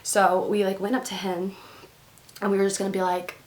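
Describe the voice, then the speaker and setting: A woman's voice: mid-range voice, little pitch movement, fairly quick, darkish tone. A young woman from Texas telling a story to camera in a casual vlog, chatty and full of "like" fillers. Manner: chatty, heavy use of "like" fillers. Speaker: vlogger.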